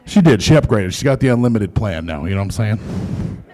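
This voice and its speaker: A man's voice: fairly low pitch, expressive, a little fast, a little mellow, a little hiss or hum. Profane stand-up comic man on stage. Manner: profane, conversational, mocking quoted voices. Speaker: stand-up comedian. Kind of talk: stand-up comedy set. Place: comedy club stage.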